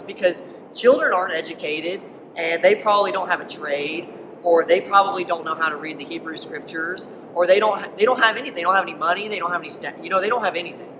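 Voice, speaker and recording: A man's voice: high voice, fast talker, background noise. Man, preacher, conversational sermon, emphatic, rhetorical questions, distant mic, long church reverb. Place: church hall.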